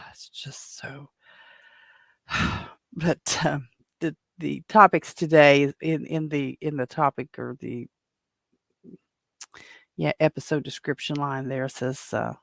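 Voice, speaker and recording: A woman's voice: sits low, creaky, no room sound, clean studio sound. A tired woman hosting her own podcast, rambling and chatty, with many restarts and fillers, into a home microphone. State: tired, yawning. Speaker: podcast host. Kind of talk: casual solo podcast.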